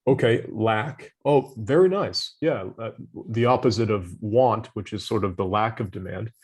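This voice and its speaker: A man's voice: fairly low pitch, normal speed, darkish tone, breathy edge. A man tutoring English vocabulary over a video call, patient and encouraging, giving hints and praise. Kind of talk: online vocabulary lesson.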